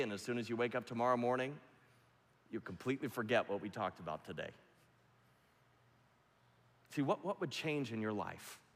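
A man pastor delivering a sermon, emphatic and repetitive, swinging from loud to hushed. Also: fairly low pitch. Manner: emphatic, repetitive preaching with big swings in loudness. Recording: long hall reverb.

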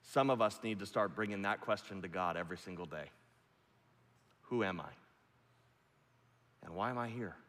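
A man pastor delivering a sermon, emphatic and repetitive, swinging from loud to hushed. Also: low voice, normal speed, pauses often. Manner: emphatic, repetitive preaching with big swings in loudness. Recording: long hall reverb.

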